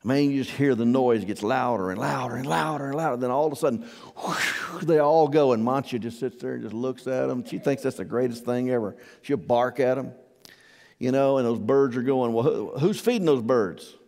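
A man's voice: medium pitch, brisk, creaky, a little mellow, big-room sound. A man preaching a sermon as pastor, conversational and asking his congregation questions. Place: church hall.

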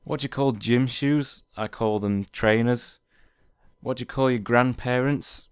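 A man from Yorkshire with a Yorkshire accent, doing a casual accent-tag video with a dry, wry and relaxed way of talking. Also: medium pitch, measured pace, smooth, no echo. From Yorkshire, England. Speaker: vlogger.

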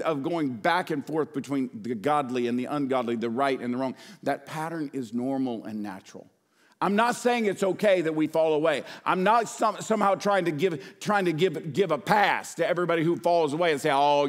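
A middle-aged man preaching a sermon as pastor, swinging between loud outbursts and hushed, earnest passages. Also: a little high.

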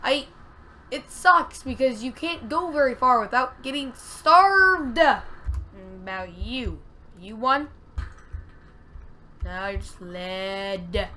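A woman giving casual gameplay commentary, excitable and talking to herself, with loud frustrated outbursts. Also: on the high side, takes it slowly, long pauses, slight background noise. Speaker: let's play gamer.

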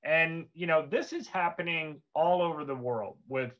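Man, livestream co-host, earnest, measured, slightly high voice, muffled sound. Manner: earnest and measured, with many fillers. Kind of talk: livestream presentation.

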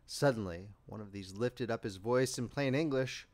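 A man reading an audiobook as narrator in dramatic, expressive storytelling. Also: mid-range voice, normal speed. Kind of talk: scripted narration.

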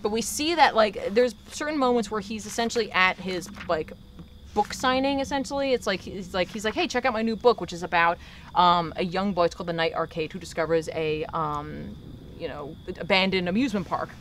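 Animated storyteller recapping a comic. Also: mid-range voice, a little fast, a little hiss or hum. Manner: animated storyteller acting out characters' lines. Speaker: podcast host. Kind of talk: casual comic book recap.

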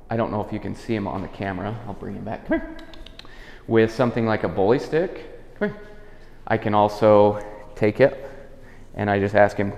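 Male dog trainer, calm explainer, low gravelly voice, echoey room with a long tail. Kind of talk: instructional demonstration. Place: indoors in a house. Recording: echoey room with long reverb, dull lo-fi sound.

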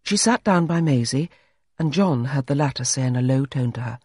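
Male audiobook narrator, animated and dramatic, husky and dry. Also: medium pitch, brisk, no echo. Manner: expressive, dramatic reading. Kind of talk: scripted narration.

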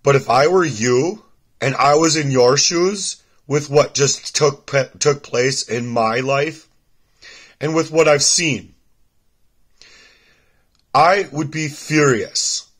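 A man making an angry personal vlog, talking in a profane, agitated way with halting restarts. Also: mid-range voice, slightly rough. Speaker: video blogger.

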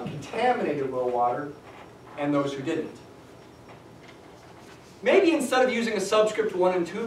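Guy lecturing a class, a bit high voice, far from the mic in an echoey room, faint hum. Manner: conversational, thinks aloud with restarts, tells asides. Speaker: statistics lecturer. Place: lecture hall.

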